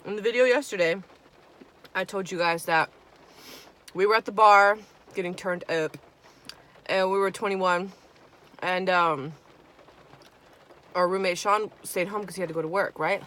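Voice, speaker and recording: A woman's voice: on the low side, a little slow, pauses often. Chatty profane young woman vlogger. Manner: chatty, profane, animated storyteller acting out friends' lines. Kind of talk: casual storytime while eating.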